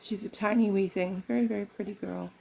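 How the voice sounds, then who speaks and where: A woman's voice: mid-range voice, fairly even intonation, fairly quick, creaky, darkish tone, slightly rough. A middle-aged woman from Canada chatting in a rambling way while doing her makeup, laughing often. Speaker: makeup vlogger.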